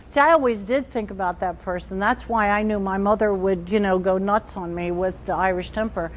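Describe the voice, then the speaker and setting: A woman trainer giving an animated workshop talk, acting out little quoted inner voices as she explains. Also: mid-range voice, poor audio.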